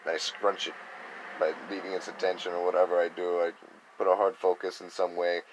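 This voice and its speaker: A man's voice: sits low, flat delivery, a little fast, noisy background. A man giving a rambling, casual spiritual talk, acting out other people's reactions in quoted voices. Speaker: spiritual speaker.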